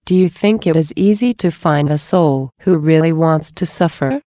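A woman reading the words of a grieving Jesus in a slow, solemn devotional voice. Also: deep voice, dark tone, no echo, studio quality, lightly acted. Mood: sorrowful. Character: sorrowful Jesus, a grieving divine man.

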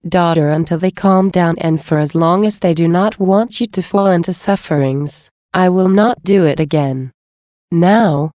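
A woman reading the words of Jesus as a gentle, consoling male figure in a devotional reading. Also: lowish voice, no room sound, clean studio sound, lightly acted. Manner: tender, gentle.

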